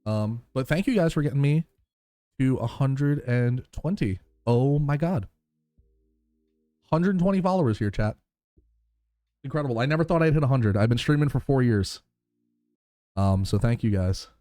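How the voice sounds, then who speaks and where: Streamer guy chatting to chat, warm mellow voice, kinda low, dry close sound. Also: expressive, normal speed, pauses often, no room sound. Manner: chatty, thankful, rambling with fillers. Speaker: live streamer. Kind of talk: casual live-stream chat.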